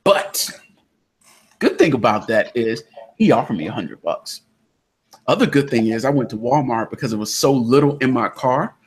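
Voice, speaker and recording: A man with a Southern American accent, hosting a laid-back online discussion. His voice is husky and sits at a middle pitch, and he tells his story with lively energy, jumping into loud quoted lines. He comes through an online call. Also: normal speed. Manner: animated storyteller, acts out quotes loudly. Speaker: podcast host. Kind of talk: casual chat, storytelling. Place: indoors during a thunderstorm. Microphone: online call connection.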